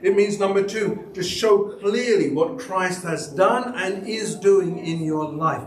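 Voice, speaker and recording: A man, a church elder, preaching a sermon and telling stories that act out the people he quotes. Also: takes it slowly. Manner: storytelling, acts out quoted people with big pitch jumps. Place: church sanctuary. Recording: echoey church hall, mic at a distance.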